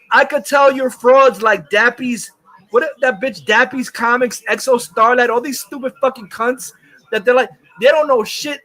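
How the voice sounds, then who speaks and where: A man's voice: very high-pitched, pushed and bright. A man hosting a livestream, ranting angrily and profanely and reading chat comments aloud. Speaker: livestream host. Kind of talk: angry livestream rant.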